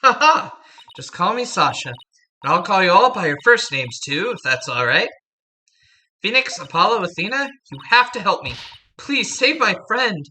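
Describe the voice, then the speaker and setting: A woman's voice: medium pitch, big pitch swings, normal speed, sharp tone. A woman voicing a cheerful young female aquarium performer who makes fish puns and begs for help. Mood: pleading. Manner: pleading, pun-loving.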